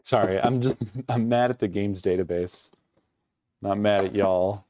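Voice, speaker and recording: A man's voice: fairly low pitch, unhurried, dark tone, a little hiss or hum. A man streaming and chatting casually with his viewers, ranting in mock exasperation while he sorts things. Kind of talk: casual livestream chat.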